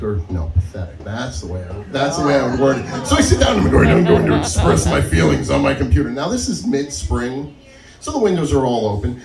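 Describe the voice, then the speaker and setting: A man doing stand-up at an open mic, telling a long story and acting out the people in it with big jumps in pitch. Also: darkish tone. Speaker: stand-up comedian. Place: comedy club stage. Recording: echoey club, mic heard from a distance.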